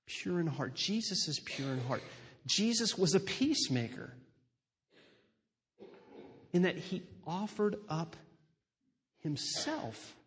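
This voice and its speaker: Male pastor, slightly high voice, deliberate emphatic sermon delivery, long hall reverb. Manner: slow, emphatic preaching with repeated refrains.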